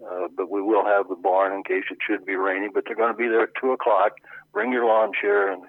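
A man on the board of a local historic house, talking as a guest in a casual radio interview by phone, with halting speech full of repeated starts. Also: fairly low pitch, flat delivery, husky, no echo. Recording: tinny phone line.

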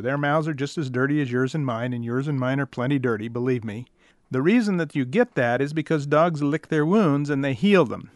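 A man's voice: on the high side, dry recording. A middle-aged man, a veterinarian, telling dry, wry stories about the questions his callers ask. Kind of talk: storytelling monologue.

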